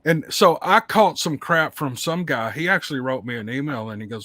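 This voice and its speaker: A man's voice: medium pitch, lively intonation, moderate pace, few pauses, sharp tone, dry recording. A man chatting bluntly as a podcast guest, laughing often. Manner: blunt, laughing, plain-spoken. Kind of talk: casual podcast chat.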